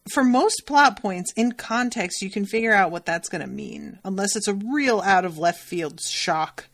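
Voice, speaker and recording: A woman co-hosting a relaxed podcast recap, her voice mid-pitched and ordinary. She tells the story with lively acted-out quotes. She laughs easily between the lines. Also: moderate pace. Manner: animated retelling with acted-out quotes, laughs often. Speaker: podcast co-host. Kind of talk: casual chat recapping a TV episode.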